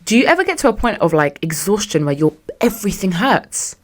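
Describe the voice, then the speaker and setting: A young woman hosting a podcast, telling a story in a sassy, animated way and acting out what others said. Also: medium pitch, brisk. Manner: animated, sassy, acts out quotes in other voices. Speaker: podcast host. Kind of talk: casual storytelling monologue.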